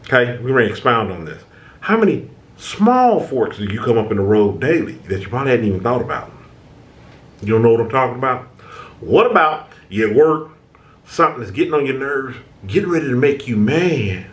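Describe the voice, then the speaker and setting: A man talks straight to his viewers in a loose, conversational way. His pitch swings up and down a lot as he acts out what they might be thinking, and he often doubles back on his words. The room around him has a noticeable echo. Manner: conversational, acts out inner thoughts, repeats words. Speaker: self-help video host. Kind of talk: casual motivational talk to camera. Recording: echoey room.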